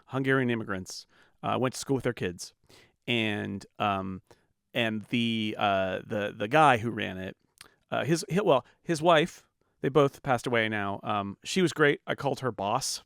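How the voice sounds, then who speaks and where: Gravelly man telling a rambling story. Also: on the low side, a little slow, fairly bright tone, no echo, studio quality. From United States. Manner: rambling storyteller, many restarts and fillers. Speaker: podcast co-host. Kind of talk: casual chat.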